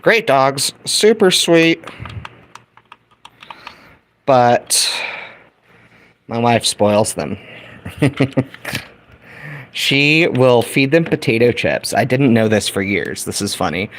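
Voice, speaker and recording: A man's voice: mid-range voice, big pitch swings, slow pace, pauses often, fairly bright tone, a little hiss or hum. A middle-aged American man chatting casually with his livestream viewers while he builds a small kit. He talks in a folksy, chatty way and addresses the audience directly. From United States. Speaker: livestream host.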